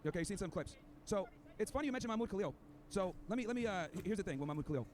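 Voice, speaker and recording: A man's voice: high voice, expressive, racing. A man hosting a podcast, arguing in a combative, lecturing way and hurling insults at an opponent. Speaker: podcast host. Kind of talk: heated debate clip.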